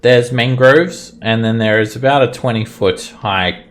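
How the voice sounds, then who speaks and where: A man running a tabletop game as game master, narrating slowly with many pauses and fillers. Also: mid-range voice, fairly bright tone, soft background music. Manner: slow, deliberate, with frequent fillers.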